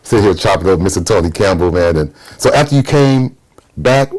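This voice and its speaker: A man's voice: sits low, animated, normal speed, darkish tone, poor audio. A middle-aged man hosting a casual interview and prompting his guest with short affirmations. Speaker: podcast host.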